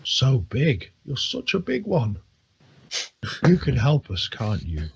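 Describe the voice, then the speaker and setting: A man's voice: mid-range voice, wildly swooping pitch, slow pace, vocal fry, husky, voice pushed up, full character voice. A man voicing a rambling, drunk old villager with a wavering, imploring voice. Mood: fawning. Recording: dull lo-fi audio.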